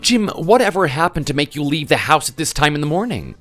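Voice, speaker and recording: A man's voice: a little high, very animated, fairly quick, a bit bright, soft background music. A man doing a concerned, questioning family man. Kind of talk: voice-acted text story.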